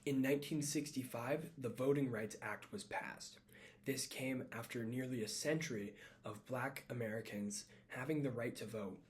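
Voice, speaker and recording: A man giving a read-aloud class presentation, reading from a script with small slips and quick self-corrections. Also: medium pitch, a little hiss or hum.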